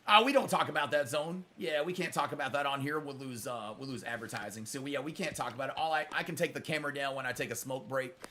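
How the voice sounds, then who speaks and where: A man's voice: mid-range voice, fast talker, few pauses, bright, forceful tone, slight background noise. A middle-aged man hosting a live gaming stream, chatting with viewers he calls brother, blunt and profane when answering trolls, close to his microphone. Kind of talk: live stream chat while playing.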